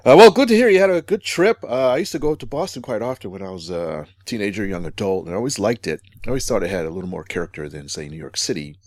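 Lively-voiced laughing male podcast host. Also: fairly low pitch, fast talker, hardly any pauses, no room sound, studio quality. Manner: laughing, storytelling, relaxed. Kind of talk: casual chat.

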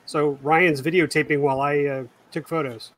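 A man's voice: on the high side, flat delivery, normal speed, a bit bright, far from the mic. A middle-aged man co-hosting a casual chat, enthusiastic and talking to listeners. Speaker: co-host.

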